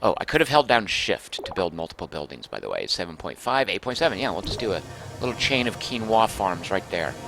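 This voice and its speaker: A man's voice: low voice, big pitch swings, fairly quick, vocal fry, a bit bright, faint music behind. A man casually commenting as he streams a game, thinking aloud and reading out viewer comments.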